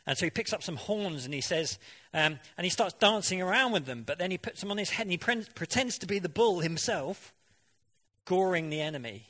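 A man's voice: fairly high pitch, pushed and bright. A man preaching a sermon in a conversational way, often asking the congregation questions and now and then mimicking voices for effect.

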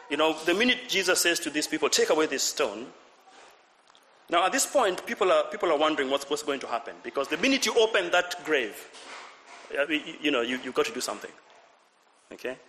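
A man preaching a sermon, animated, repeating words and building up to shouts. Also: on the high side, slight background noise. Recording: reverberant hall.

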